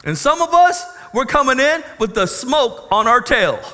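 A man preaching a sermon as a pastor, animated and questioning the congregation. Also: very high voice, normal speed. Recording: reverberant hall.

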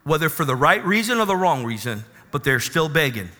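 A man's voice: fairly high pitch, very animated, brisk, bright, forceful tone, in a large hall. A man preaching a sermon to his congregation, calling for amens and acting out Bible figures. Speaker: pastor. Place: church.

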